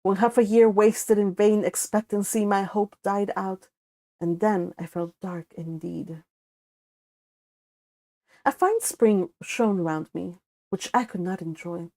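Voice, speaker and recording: A woman's voice: mid-range voice, mellow. Woman reading a novel with a Spanish accent. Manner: unhurried reading, breaking off for casual asides and corrections. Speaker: audiobook reader. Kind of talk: reading a classic novel aloud.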